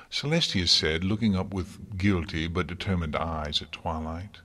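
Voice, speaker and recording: A man narrating an audiobook in a measured, dramatic storytelling manner. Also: low voice, fairly bright tone, breathy edge.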